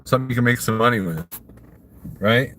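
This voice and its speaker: A man's voice: medium pitch, fairly quick, fairly bright tone, slight background noise. Chatty trucker man from Missouri. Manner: rambling and chuckly, laughs at his own jokes. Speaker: trucker livestreamer. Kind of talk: casual live-stream chat answering viewer comments.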